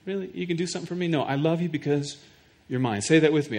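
Earnest preacher with a higher voice. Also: male voice, quick pace, a little mellow. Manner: earnest, repeats words while building points; speaks directly to the congregation with questions. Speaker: pastor. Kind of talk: sermon.

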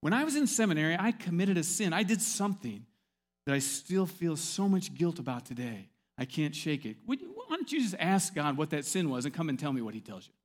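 A man's voice: fairly high pitch, sing-song, brisk. A man voicing a middle-aged male professor, skeptical and humoring, in a sermon anecdote. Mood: earnest.

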